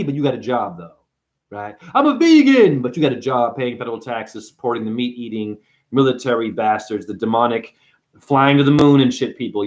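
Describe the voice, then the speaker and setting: A man ranting to camera in an improvised, preachy monologue, swearing freely, firing off rhetorical questions and slowing down hard to hammer points home. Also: mid-range voice. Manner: profane, emphatic, rhetorical questions; slows down hard for emphasis. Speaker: spiritual vlogger and store owner.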